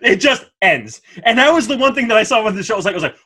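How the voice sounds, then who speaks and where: A man co-hosting a podcast, chatting casually in an animated, rambling way and laughing often. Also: high voice, very fast, breathy edge. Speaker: podcast co-host. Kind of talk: casual chat.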